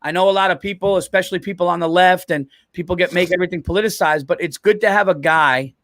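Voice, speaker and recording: A man co-hosting a podcast, telling profane, animated stories and doing quick impressions in casual chat. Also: high-pitched. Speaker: podcast co-host.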